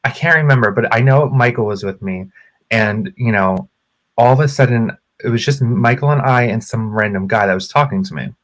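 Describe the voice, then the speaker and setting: A man on a casual podcast, telling a personal story in a lively, dramatic way and acting out what people said. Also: mid-range voice, fairly quick. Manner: animated, dramatic storyteller with acted quotes. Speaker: podcast co-host.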